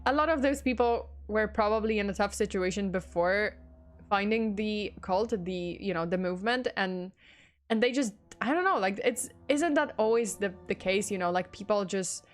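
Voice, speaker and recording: A woman's voice: mid-range voice, normal speed, faint music behind. A young woman telling a true crime story on a livestream, greeting chat viewers between parts and laughing and swearing casually. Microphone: desktop USB mic.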